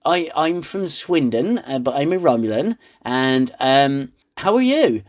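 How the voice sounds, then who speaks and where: A man's voice: medium pitch, very animated, measured pace. A man putting on a bumbling, awkward young alien man who overshares. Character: awkward young Romulan man from an English town.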